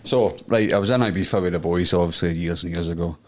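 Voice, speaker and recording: Scottish man, podcast co-host, casual chat, crude laughing storyteller, low-ish voice. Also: fast talker, a little mellow.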